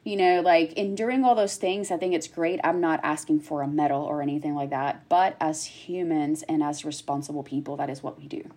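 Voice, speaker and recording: Low-voiced woman telling her story. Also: fairly even intonation, fairly quick, hardly any pauses, a little mellow. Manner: emotional, heartfelt, many fillers. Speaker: guest, cancer survivor. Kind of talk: candid personal conversation.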